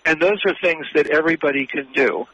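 Bright-voiced man explaining mediation. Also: a little high, slightly rough, dull audio. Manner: measured, explanatory, with many hesitations. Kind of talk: interview answers.

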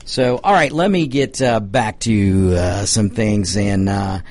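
A man's voice: on the low side, slow, darkish tone. A man with a Southern American accent hosting a political talk radio show, talking casually with lots of fillers and restarts. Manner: rambling, many fillers and restarts.

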